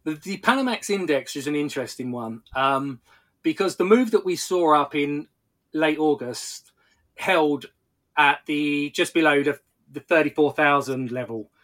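A man talks through market charts as a podcast analyst, in a somewhat high, bright and tense voice. He explains step by step, stumbling now and then and restarting his sentences. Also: a little slow. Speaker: technical analyst.

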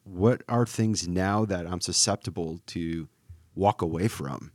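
A man's voice: deep voice, unhurried, dry recording, clean studio sound. A man in his forties from Wisconsin, a pastor co-hosting a podcast, thinking aloud in a reflective way, full of fillers and restarts. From Wisconsin, US Midwest. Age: 40s. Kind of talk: casual conversation.

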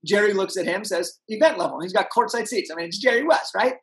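A young man, a podcast guest, telling an energetic story and acting out the people in it. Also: high voice, fast talker, low-quality recording. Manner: animated, acts out voices in his anecdotes.

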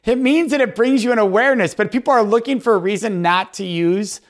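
A man's voice: sits high, fast. A man hosting an interview, chatting in an enthusiastic, affirming way. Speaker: host. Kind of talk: conversational interview.

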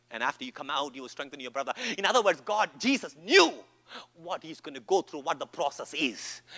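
A man preaching a sermon at a live church service, impassioned and rising to shouts. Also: mid-range voice. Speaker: pastor.

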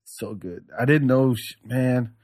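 A man's voice: mid-range voice, a little slow, darkish tone. A male podcast host chatting casually, laid-back, joking and opinionated. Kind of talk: casual chat.

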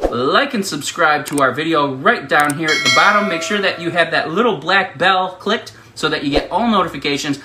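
A man's voice: fairly high pitch, background noise. A man leading a ministry, telling a funny childhood story with laughs and fillers, then making a donation appeal. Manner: chatty, laughs often, many fillers. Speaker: ministry leader.

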